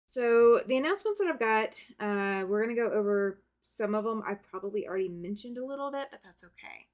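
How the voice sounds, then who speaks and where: A woman hosts a live stream in a casual, chatty way. She talks loosely and upbeat at a middle pitch, greeting viewers by name as she goes. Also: expressive, fairly quick. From American South. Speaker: quilting livestream host.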